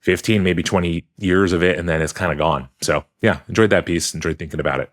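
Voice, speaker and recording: A man's voice: low voice, quick pace. A man co-hosting a podcast from a hotel room, talking in a thoughtful, rambling way with restarts. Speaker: podcast co-host. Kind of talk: casual chat.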